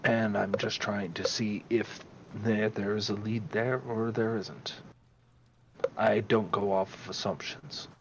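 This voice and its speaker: A man playing in a tabletop game, talking deliberately and dryly, with faint room noise behind him. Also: lowish voice, steady tone, lo-fi sound. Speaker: player. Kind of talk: casual chat at a tabletop game.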